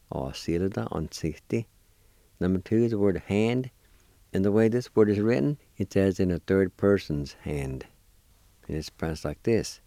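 A man's voice: low-pitched, normal speed, dark tone, no room sound. A man teaching vocabulary, patiently spelling and sounding out words letter by letter. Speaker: language teacher. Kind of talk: slow spelled-out vocabulary lesson.

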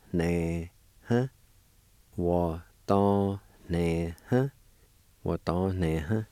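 A man's voice: low-pitched, vocal fry, mellow, no echo. A man teaching vocabulary, patiently spelling and sounding out words letter by letter. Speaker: language teacher. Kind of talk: slow spelled-out vocabulary lesson.

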